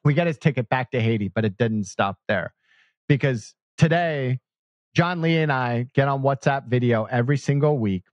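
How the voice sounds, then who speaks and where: A man, a guest on an interview podcast, telling a personal story in an animated, emphatic way. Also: medium pitch, normal speed, dry recording, lo-fi sound.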